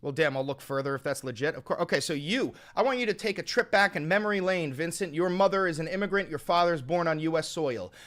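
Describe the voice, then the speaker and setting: Male streamer host, profane and impassioned, calm then loud, very lively pitch. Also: fast talker, hardly any pauses. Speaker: streamer debating callers. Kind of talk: heated live-stream argument.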